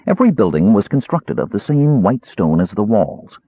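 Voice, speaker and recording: A man narrating an audiobook with expressive storytelling. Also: on the low side, moderate pace, husky, no echo. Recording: tinny lo-fi narrow band.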